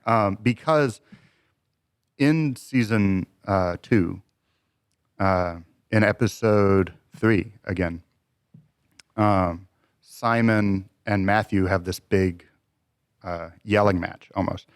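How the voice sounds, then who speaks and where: A man with a very low voice, co-hosting a podcast and speaking in a thoughtful, unhurried way with plenty of ums and uhs. The room is dry and close to the mic. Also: smooth, no echo. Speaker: podcast co-host. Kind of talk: casual podcast chat.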